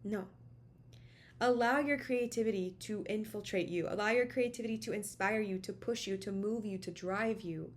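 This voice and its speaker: Speaking to her camera mic from a home office, a tarot reader delivers a casual channeled message. Her medium-pitched voice moves at a moderate pace, and she's encouraging, emphatic and chatty, repeating words for stress.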